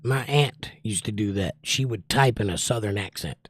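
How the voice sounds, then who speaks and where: A man's voice: fairly low pitch, brisk, no room sound, clean studio sound. A man hosting a casual livestream from home, chatting loosely and reading viewer comments aloud at his desk microphone. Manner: relaxed, rambling, reads viewer comments aloud. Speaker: livestream host reading chat. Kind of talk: casual chat. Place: indoors at home by a window.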